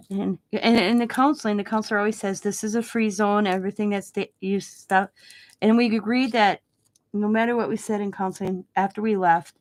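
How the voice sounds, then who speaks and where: A middle-aged woman and crafting vlogger talking in a casual, rambling, heartfelt way with many restarts. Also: medium pitch. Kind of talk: casual chat.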